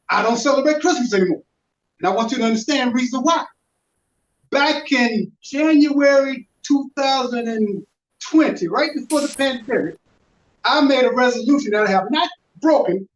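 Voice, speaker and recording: A middle-aged man from Charlotte doing a stand-up set over a video call, with a drawn-out, preachy delivery and emphatic rises. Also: extremely high pitch. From Charlotte, North Carolina. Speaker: stand-up comedian. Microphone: video call, away from the mic. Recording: distant, echoey, muffled call audio.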